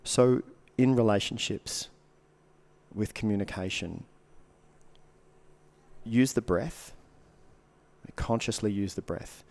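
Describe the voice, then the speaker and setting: Guy with a slightly low voice on a podcast, chatty coach type, swears a lot, keeps acting out little reactions. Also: slow, creaky, long pauses. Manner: animated, swears freely, acts out quoted reactions. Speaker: guest coach and speaker. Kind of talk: casual podcast conversation.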